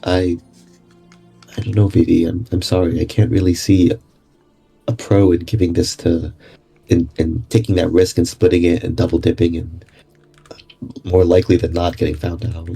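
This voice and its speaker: A man playing in a tabletop game, talking in a halting, apologetic way. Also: deep voice, flat delivery, gravelly, dark tone, husky, faint music behind. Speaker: player.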